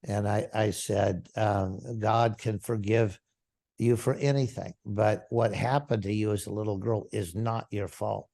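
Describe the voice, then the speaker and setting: A man's voice: fairly low pitch, steady tone, unhurried, vocal fry, warm tone. A male pastor giving a testimony to a congregation, retelling a story and acting out the dialogue.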